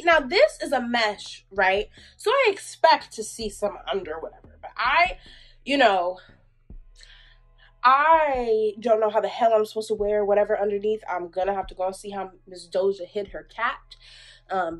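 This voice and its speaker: A woman's voice: mid-range voice, a little slow, faint music behind, rough recording. A young woman vlogger chatting through a clothing try-on haul, sassy and blunt, hot and a little out of breath. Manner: sassy, blunt and animated, calls viewers sweetie. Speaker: fashion vlogger.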